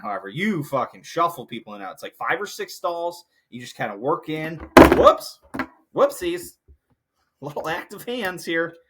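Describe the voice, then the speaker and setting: Bright-voiced profane male podcast host. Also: on the low side. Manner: profane, rambling, heated when ranting. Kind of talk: casual sports podcast rant.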